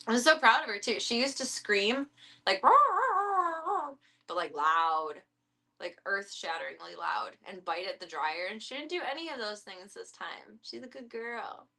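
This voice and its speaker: A woman of middle pitch talks casually to her stream from home. She chats in a relaxed, wry way. She slips into cooing baby talk whenever she turns to her pets. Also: unhurried, gravelly. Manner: chatty and wry. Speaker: live streamer.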